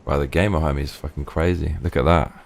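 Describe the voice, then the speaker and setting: A man's voice: extremely low pitch, steady tone, quick pace, vocal fry. A young man giving casual, swear-filled let's play commentary, muttering in slang as he plays. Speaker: gaming streamer.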